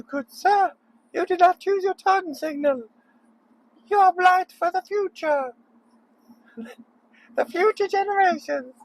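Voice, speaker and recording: A man voicing an indignant young woman activist, scolding slowly and with exaggerated outrage. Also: extremely high pitch, pitched above the performer's own voice, full character voice, rough recording. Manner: slow, drawn-out, outraged delivery. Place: car at night.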